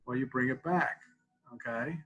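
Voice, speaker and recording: Man leading a relaxed coping-skills webinar. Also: medium pitch, normal speed, poor audio. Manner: conversational, tags lines with "okay?"; guides tapping and mindfulness exercises. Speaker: student support clinician. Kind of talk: live counseling webinar.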